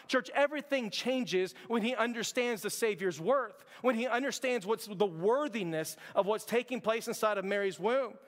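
A man's voice: high voice, fairly bright tone, long reverb tail. A man preaching a sermon as pastor, conversational and full of restarts, retelling a story to his church. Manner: conversational preaching, many "like"s and restarts, acts out quotes.

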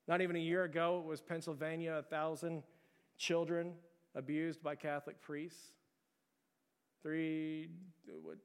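A young man preaching a sermon in a church, talking casually to the congregation with rhetorical questions and slangy asides. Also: on the high side. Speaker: pastor. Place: church sanctuary. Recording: hall with long reverb.

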